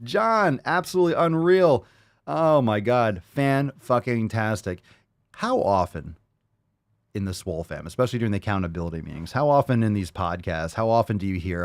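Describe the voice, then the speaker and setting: Loud, hyped, swearing podcast host. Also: male voice, medium pitch, animated, fairly quick, no echo, studio quality. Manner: loud, profane, hyped, talks to his dog. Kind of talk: casual livestream podcast chat.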